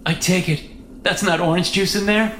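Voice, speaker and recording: A man voicing an eager, starstruck young male stagehand who talks in a hushed, excited way. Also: sits high, normal speed, echoey room, slight background noise, voice pushed up. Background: music.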